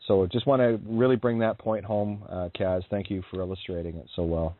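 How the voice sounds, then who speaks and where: Low-voiced man on a tinny line. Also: fairly even intonation, a little fast, no echo. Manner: blunt, emphatic. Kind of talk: casual radio call-in chat. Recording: tinny phone line, dry.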